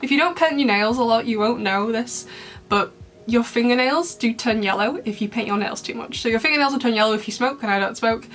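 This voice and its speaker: Young woman YouTuber, bubbly and rambling, bright high voice over soft background music. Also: a little fast. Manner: chatty and bubbly, laughs often, rambling asides. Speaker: YouTuber reviewing fan memes. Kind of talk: casual chat to camera.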